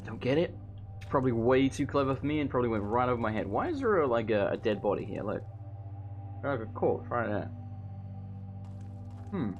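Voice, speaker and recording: Over his own gameplay, a man gives rambling, chatty commentary in an animated, mid-range voice, brisk but pausing often, swearing and eating while he talks. This let's play commentator's recording is muffled, with faint game music in the background.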